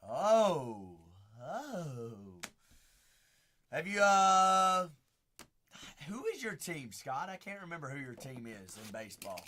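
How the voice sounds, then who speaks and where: A man hosting a live card break, calling out players and teams as he opens packs, chatting with viewers by name and shouting on big pulls. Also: mid-range voice, very animated, unhurried. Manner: chats with viewers by name between cards.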